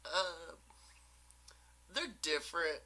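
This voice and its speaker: A man's voice: a little high, takes it slowly, bright, forceful tone. A man from Texas, a podcast guest, chatting casually, swearing freely and laughing often. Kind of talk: casual chat.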